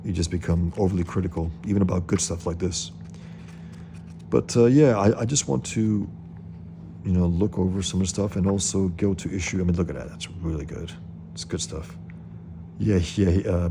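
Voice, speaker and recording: A man's voice: low-pitched, steady tone, moderate pace, background noise. A man who is a comic artist, casually talking through comic pages, hesitant, with many fillers and restarts.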